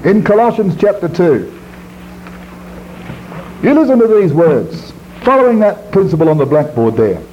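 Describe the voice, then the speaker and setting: A high-pitched man preaching with a very lively, swooping voice. He hammers key words and then sinks low and quiet, stretching out scripture lines slowly. The recording is dull and lo-fi with a faint hiss underneath. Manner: emphatic, swings from loud high stresses to low quiet drops, drawn-out scripture reading. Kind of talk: sermon.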